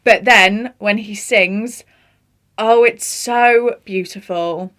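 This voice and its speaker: A young woman chatting casually about her favourite film performances, gushing and animated, laughing often. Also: mid-range voice, takes it slowly. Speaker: film vlogger. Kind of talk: casual film review chat.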